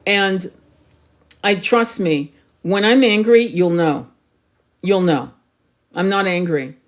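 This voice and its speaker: A woman's voice: mid-range voice, slow. A woman tarot reader, raised in France, talking passionately and urgently to her livestream viewers, swearing freely and repeating herself for emphasis.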